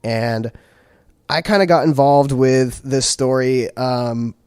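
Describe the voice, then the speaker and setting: A man's voice: medium pitch, slow, clean tone, no echo, clean studio sound. Laid-back young man telling a story. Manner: rambling, laid-back storytelling, trailing off quietly. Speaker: podcast co-host. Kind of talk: casual chat.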